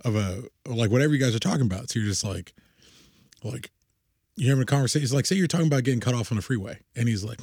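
A young man co-hosting a podcast in casual chat, rambling and excitable, laughing often. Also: mid-range voice, very fast, husky, no room sound, clean studio sound. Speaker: podcast co-host.

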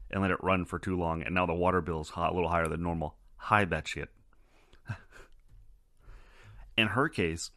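A man's voice: low-pitched, fairly bright tone, no room sound, clean studio sound. A man hosting a casual podcast chat, swearing freely and wandering into rambling asides. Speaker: podcast host.

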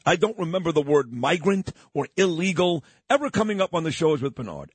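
A man talks on a radio show, combative and sarcastic. His voice is husky and fairly high for a man. The studio sound is dry and close. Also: sing-song, a little fast, few pauses, no room sound. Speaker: radio talk show host. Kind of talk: opinionated talk radio monologue. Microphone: studio microphone.

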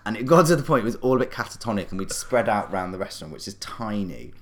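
A middle-aged man, a guest telling a long story in a rambling, animated way, full of fillers and self-corrections. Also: lowish voice, fast. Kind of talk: casual storytelling.

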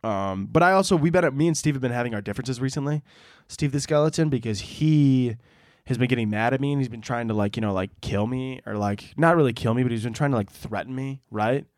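A man's voice: medium pitch, fast, a little mellow, no room sound. A man hosting a solo podcast, talking casually in a rambling, profane, joking way into a close mic. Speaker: podcast host.

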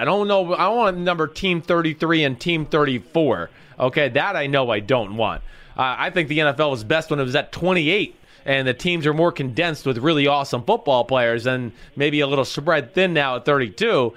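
Casting: young male co-host, halting and unsure, slightly high voice. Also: lively intonation, a bit bright. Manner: hesitant, halting. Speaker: podcast co-host. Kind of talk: casual podcast chat.

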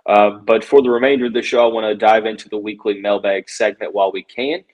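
A man's voice: fairly low pitch, steady tone, fast talker, a little mellow, dull audio. Filler-heavy male sports podcast host. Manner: rambling, filler-heavy, self-correcting. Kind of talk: casual sports analysis.

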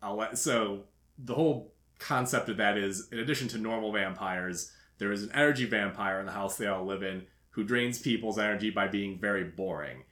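A man's voice: on the low side, fairly quick, bright, forceful tone. A man hosting a podcast, telling a story in casual chat and laughing often. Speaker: podcast host. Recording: echoey room.

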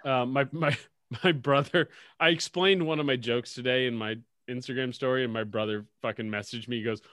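A man's voice: medium pitch, normal speed, a bit bright, no echo, studio quality. A man hosting a casual sports podcast, telling stories with lots of swearing and laughter. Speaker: podcast host.

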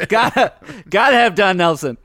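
A young man co-hosting a casual podcast chat, excitable and stammering as he starts his points. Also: high-pitched, moderate pace, no echo. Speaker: podcast co-host.

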